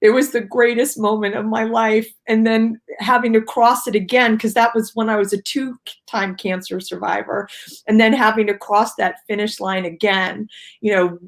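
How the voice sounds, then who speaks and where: A woman guest on a video-call talk show, telling her story in a lively way and acting out her own cries and quotes. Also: fairly high pitch, normal speed. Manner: animated, acts out her own shouts and quotes. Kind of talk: casual storytelling interview.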